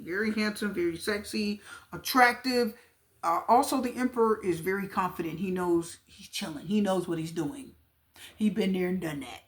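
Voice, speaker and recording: A woman giving a pick-a-card tarot reading to her viewers, chatty and repetitive, talking straight to them. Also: a little high. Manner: chatty, repeats herself, talks straight to viewers. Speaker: tarot reader.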